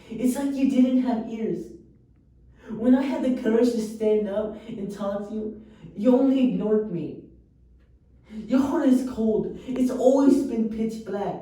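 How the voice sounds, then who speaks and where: A woman giving an earnest, emotional poetry recitation with slow pauses. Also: a little high, mellow. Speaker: poetry reader. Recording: echoey room, voice far from mic.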